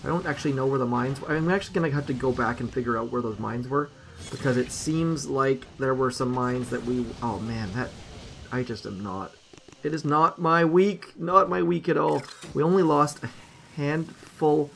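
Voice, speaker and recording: Man, gaming commentary, gravelly, self-deprecating, excitable outbursts, faint room ambience. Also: medium pitch, brisk, slight background noise. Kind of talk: gameplay commentary.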